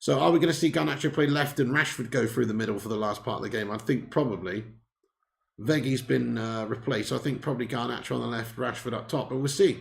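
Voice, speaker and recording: Bloke on a live footy watch-along, gravelly, jokes and laughs with chat. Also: male voice, mid-range voice, fast talker. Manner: jokey banter, laughs often, chats with viewers. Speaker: host.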